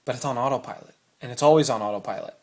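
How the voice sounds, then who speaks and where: A man's voice: medium pitch, racing. A man talking casually and animatedly to camera about choosing your thoughts, at home. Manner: animated, acts out anxious inner thoughts. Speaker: self-help vlogger. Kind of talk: casual motivational talk to camera. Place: room at home.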